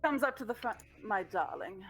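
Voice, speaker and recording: A woman voicing a vain, flamboyant male celebrity vampire who drawls softly and calls everyone darling. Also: mid-range voice, lively intonation, moderate pace, lightly acted, low-quality recording. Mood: languid. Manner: soft, affected, drawling "darling".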